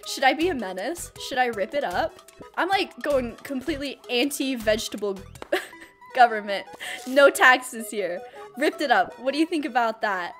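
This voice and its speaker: A woman hosts a let's play of a cute game, giggly and playful throughout. Her voice is high and swings in lively leaps. She talks into a desk microphone, with faint game music behind. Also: normal speed. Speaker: gaming channel host.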